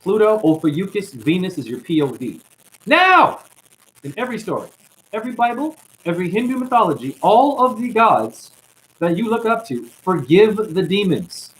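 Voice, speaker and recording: A man delivers an impassioned spiritual monologue as a self-styled teacher, ranting straight at his viewers. His voice sits on the high side and swings widely in pitch. He drops "honey" into his scolding. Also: big pitch swings, normal speed, fairly bright tone, low-quality recording. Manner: ranting, calls listeners honey.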